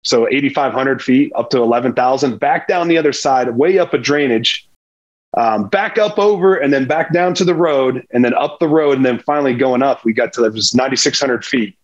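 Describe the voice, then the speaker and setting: A man's voice: mid-range voice, fairly quick, dull audio. A man, a former pro football player, telling a hunting story as a podcast guest, acting out the dialogue. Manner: animated, tells a hunting story with lively quoted dialogue. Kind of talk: casual storytelling interview.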